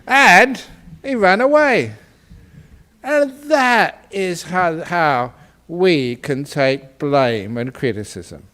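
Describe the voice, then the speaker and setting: A Buddhist monk in a man's voice tells a teaching story at an unhurried pace, playful and chuckling at his own humor. His pitch swings lively up and down, and his voice sits a little above the usual range for a man. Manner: playful, laughs at his own jokes, animated. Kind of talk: humorous storytelling dharma talk.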